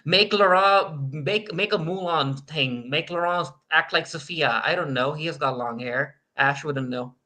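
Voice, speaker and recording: A woman's voice: low-pitched, measured pace, few pauses, bright, forceful tone. A woman co-hosting a podcast, chatting casually and griping, often breaking off and restarting her sentences. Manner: chatty, griping, self-interrupting. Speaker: podcast co-host. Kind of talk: casual chat.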